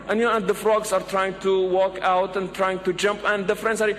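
Male preacher, high voice, animated storyteller, echoing hall. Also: fairly quick, hardly any pauses. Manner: animated, acts out pleading voices in stories. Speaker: Islamic preacher. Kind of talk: sermon with storytelling. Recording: long hall reverb, faint background noise.

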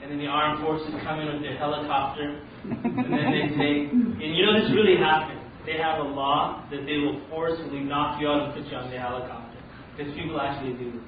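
A man's voice: on the high side, a little fast, few pauses, crowd noise. A man from Canada giving a religious talk, telling a story and acting out its characters. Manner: animated, voices the characters in his story. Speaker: speaker. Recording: roomy lo-fi sound from far off.

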